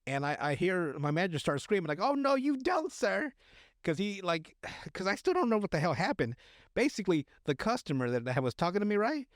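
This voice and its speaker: A man's voice: a little high, expressive, fast talker, no echo, clean studio sound. A man hosting a podcast, telling a story in casual, crude chat full of fillers and restarts. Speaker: podcast host.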